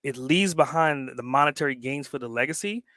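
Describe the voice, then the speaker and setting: A man's voice: mid-range voice, fairly quick, bright, forceful tone, no room sound. A man talking as a guest on a podcast, emphatic and fired up, swearing freely to drive his points home. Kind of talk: casual podcast conversation.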